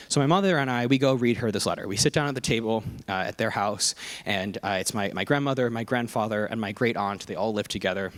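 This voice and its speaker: A man's voice: mid-range voice, brisk, few pauses. Young man telling a funny personal story. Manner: humorous, conversational, self-deprecating. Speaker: keynote speaker. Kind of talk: storytelling keynote speech.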